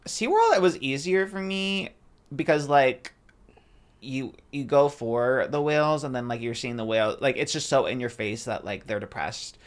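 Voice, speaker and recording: A man chatting as a podcast co-host, his pitch sitting right in the middle. He talks things through thoughtfully, softening points with "I think" and "like". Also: animated, normal speed. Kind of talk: casual chat.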